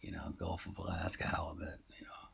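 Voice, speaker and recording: A man's voice: low-pitched, monotone, fairly quick, gravelly, fairly bright tone, breathy edge, whispered. A man casually retelling a story, meandering and full of asides and fillers.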